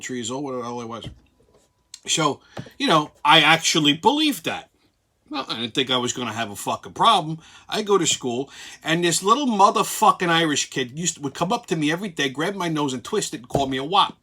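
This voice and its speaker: Middle-aged ny guy hosting his show, brooklyn accent, swears a lot, tough-guy storytelling, punchy bright voice. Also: fairly high pitch, very animated, a little fast. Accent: New York. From Brooklyn, New York. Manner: brash, profane, swaggering storyteller. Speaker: host. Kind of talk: profane storytelling monologue.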